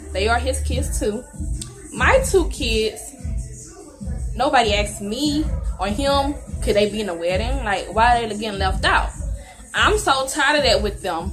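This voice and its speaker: A young woman, telling an emotional storytime vlog in a rambling, heated way with asides and restarts. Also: fairly high pitch. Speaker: vlogger.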